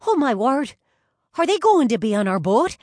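Brief: a woman doing a wry bride-to-be, a little raised, slow-paced. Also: on the high side, big pitch swings, darkish tone, dry recording, studio quality, voice pushed up.

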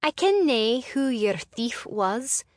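Defiant young noblewoman, measured and proud, read by a woman narrator. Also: fairly high pitch, big pitch swings, no room sound, studio quality, voice pushed up. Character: proud young Scottish lady, quick-tongued.

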